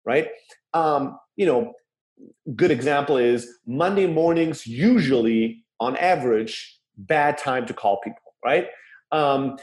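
A man's voice: on the high side, reverberant. A man giving an informal, emphatic lesson on phone sales, swearing now and then. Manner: animated, emphatic, casual with swearing. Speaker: sales instructor. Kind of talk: informal teaching talk.

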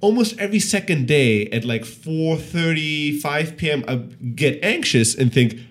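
A man co-hosting a casual business podcast, telling stories with lively acted-out quotes. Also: on the high side, unhurried. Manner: animated storyteller, acts out quotes. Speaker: podcast co-host.

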